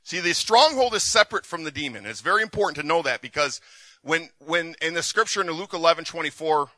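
Bright-voiced man preaching casually. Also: a little high, animated, fast talker, no room sound. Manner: conversational, with repeated restarts and acted quotes. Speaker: pastor. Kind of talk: sermon with Q and A. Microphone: recorded for the session.

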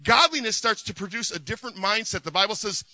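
A man preaching a sermon, animated, jumping from loud excited bursts to soft hushed asides. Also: high-pitched, quick pace, dry recording.

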